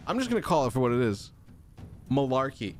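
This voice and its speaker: A man's voice: medium pitch, very animated, very fast, soft background music. A young man giving casual, jokey commentary while streaming a game, mock-angry and full of silly made-up words.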